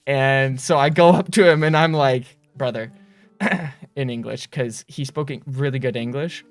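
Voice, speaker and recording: A man hosting a game studio's livestream, telling stories in a rambling, animated way on a close mic. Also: medium pitch, normal speed, no room sound, soft background music. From United States. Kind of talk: casual livestream chat.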